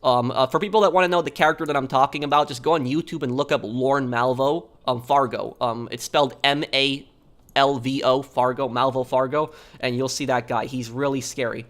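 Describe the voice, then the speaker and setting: A man's voice: medium pitch, fairly even intonation, fairly quick, fairly bright tone. A young man chatting casually on a live stream, answering viewers and rambling with lots of ums, uhs and repeated words.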